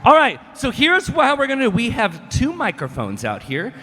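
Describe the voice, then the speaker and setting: A man hosting a live panel in a large convention hall, his voice high and bouncing lively as he keeps things moving. Long reverb rings around him and a crowd murmurs faintly behind. He sounds upbeat and in charge of the room. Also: a little fast. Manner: upbeat, lively, directing the audience. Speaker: panel moderator.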